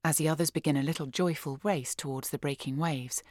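A woman narrating an audiobook in a calm, measured, clearly enunciated way, close to the mic. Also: low-pitched, no echo. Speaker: audiobook reader.

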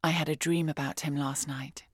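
A woman reading aloud, voicing a fragile, sorrowful English mother of fifty-six who speaks quietly and hesitantly. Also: low voice, steady tone, normal speed, breathy edge, no room sound, studio quality. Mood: sad, subdued.

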